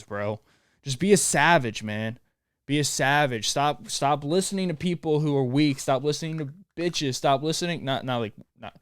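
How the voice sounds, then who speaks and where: A man's voice: mid-range voice, smooth, no room sound, studio quality. A young man hosting a solo podcast from home, giving a profane, pumped-up motivational rant. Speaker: podcast host. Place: home room, dog barking nearby.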